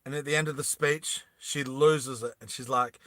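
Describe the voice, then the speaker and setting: A man casually telling a story to his live chat, animated, laughing often and acting out the characters. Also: mid-range voice, moderate pace, dry recording.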